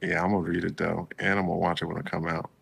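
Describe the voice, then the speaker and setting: A man with a very low, gravelly voice and a bright, forward edge, talking in an easygoing way. He chats casually as a co-host, slipping into characters' lines as he recaps. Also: flat delivery, rapid-fire. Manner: laid-back, acts out characters' lines while recapping. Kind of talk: casual chat.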